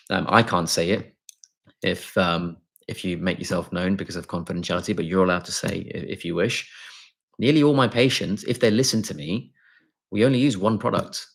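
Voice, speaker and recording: A man with a low voice and a gravelly fry hosts a relaxed live question-and-answer stream as a doctor. He reads viewer questions aloud and answers off the cuff, often restarting his sentences and filling pauses with ums. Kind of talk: casual live Q&A.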